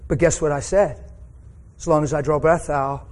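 A man's voice: a little high, fairly even intonation, normal speed, a little mellow. A middle-aged man preaching a sermon, telling a personal story with rising emotion.

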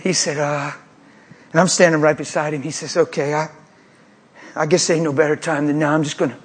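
A man preaching a sermon, telling a story with acted-out voices, moving between hushed tones and shouts. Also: fairly high pitch, a little fast, slightly rough. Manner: animated, acts out voices, swings from hushed to shouting.

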